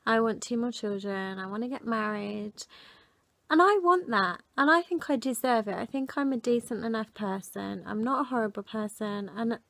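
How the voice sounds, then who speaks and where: A woman in her thirties telling a story to camera in an indignant, animated way. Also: fairly high pitch, normal speed, creaky, no room sound. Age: 30s. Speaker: vlogger. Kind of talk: casual talk to camera.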